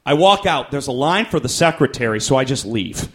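A man's voice: medium pitch, expressive, fairly quick, fairly bright tone. A man doing stand-up, telling a long story in a rambling, self-deprecating way. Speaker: stand-up comedian.

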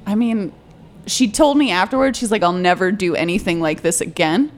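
A woman's voice: mid-range voice, normal speed, slight background noise. A young woman comedian, a guest chatting casually in an interview, laughing a lot and filling with "like" and "um". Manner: chatty, laughing, lots of fillers.

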